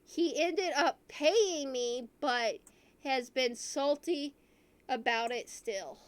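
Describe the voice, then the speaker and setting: A woman's voice: high-pitched, slow pace. A woman hosting a casual live podcast, speaking earnestly and putting questions to her guests. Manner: earnest, thinks aloud, asks guests questions. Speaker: podcast host. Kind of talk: casual chat.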